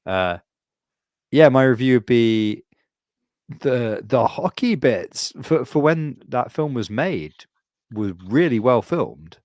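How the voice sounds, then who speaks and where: A man's voice: mid-range voice, expressive, takes it slowly, darkish tone, no room sound, clean studio sound. A man co-hosting a podcast in casual chat, rambling with lots of "like" and swearing. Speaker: podcast co-host.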